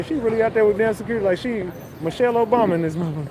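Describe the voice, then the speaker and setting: High-voiced man ranting on a street. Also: animated, very fast, few pauses, crowd noise. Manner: blunt, profane, mocking retelling. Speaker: commentary vlogger. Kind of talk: casual recap commentary.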